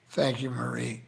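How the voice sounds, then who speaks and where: A man's voice: medium pitch, creaky. A man on a live stream, heartfelt and profane, choked up and near tears as he thanks his viewers. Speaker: livestreamer thanking his chat. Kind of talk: casual live-stream chat.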